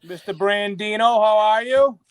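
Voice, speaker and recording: A man's voice: high voice, measured pace, clear, resonant tone, no room sound. Friendly man teasing as he joins a call. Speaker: caller joining the show. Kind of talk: casual chat.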